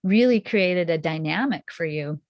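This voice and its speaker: A woman's voice: fairly low pitch, expressive, moderate pace, no room sound, lo-fi sound. A woman hosting an interview podcast over a video call, asking questions enthusiastically with frequent restarts and affirmations. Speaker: podcast host.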